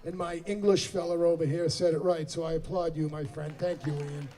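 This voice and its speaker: A man's voice: on the high side, flat delivery, a little fast, mellow, a little hiss or hum. A man in his forties with a Boston accent, joking between songs as a singer-songwriter at an outdoor concert. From Boston area, USA. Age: 40s. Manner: self-deprecating joking. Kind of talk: stage banter at outdoor concert. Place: outdoor amphitheater stage. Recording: distant PA sound with music.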